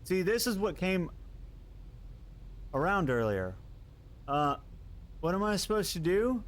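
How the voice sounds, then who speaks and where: A man streaming live gameplay, chatting casually with his viewers, quick to laugh and curse at what happens on screen. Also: high voice. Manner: excitable, laughs and swears at the game.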